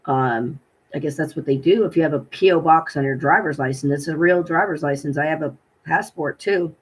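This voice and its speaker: A woman's voice: low voice, fairly quick, breathy edge, low-quality recording. A middle-aged woman vlogger telling a personal story in a rambling, indignant way, with many ums and restarts.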